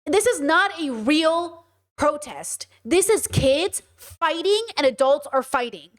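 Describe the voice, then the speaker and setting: A woman's voice: high voice, expressive, slow. A young adult woman giving blunt, exasperated, profane commentary on protest footage. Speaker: commentary streamer.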